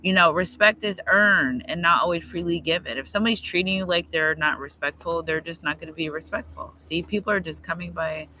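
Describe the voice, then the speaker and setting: A man's voice: on the high side, fairly quick, hardly any pauses, bright, forceful tone, a little hiss or hum, rough recording. A man giving a live tarot reading outdoors, talking straight to his viewers in an emphatic, slangy way. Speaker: tarot reader.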